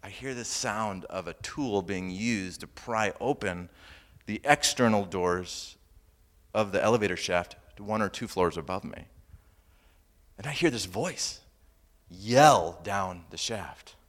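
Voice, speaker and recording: A male pastor preaching a sermon, humorous and animated, moving between loud punchlines and quiet, earnest asides. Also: on the low side, slow. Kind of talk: sermon with personal storytelling.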